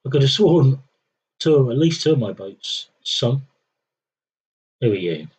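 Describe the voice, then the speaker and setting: Husky man, wry stream chat. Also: medium pitch, very animated, measured pace, a little mellow. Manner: wry, self-mocking, chatting to himself. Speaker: game streamer. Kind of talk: rambling live-stream commentary.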